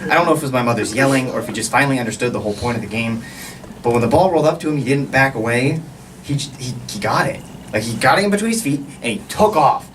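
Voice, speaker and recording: A young man telling a stand-up story on a club stage, animated and lively, mimicking the people in it. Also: medium pitch, fast. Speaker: stand-up comedian. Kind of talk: stand-up comedy set. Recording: distant mic with background noise.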